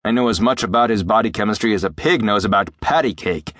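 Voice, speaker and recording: A man's voice: lowish voice, fast talker, fairly bright tone, no room sound, studio quality, lightly acted. A man voicing a blunt, teasing elderly male doctor in an audiobook. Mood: brusque. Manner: brusque, dryly joking.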